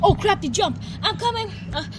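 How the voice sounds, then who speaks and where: A woman in a puppet comedy skit, shouting frantic, shrieky exclamations, with noise in the recording. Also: extremely high pitch, animated, brisk. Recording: noisy background hiss.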